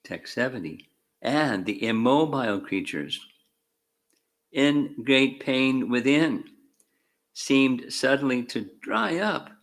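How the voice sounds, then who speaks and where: A man reading scripture aloud in short deliberate phrases, calling out verse numbers and adding his own commentary with dry asides. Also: mid-range voice, expressive. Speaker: spiritual teacher.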